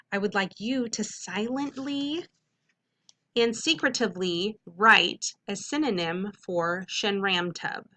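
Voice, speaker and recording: A woman teacher giving a recorded phonics lesson to students, speaking in a clear, patient, instructive way and slowly stretching out sounds. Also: medium pitch, bright, forceful tone.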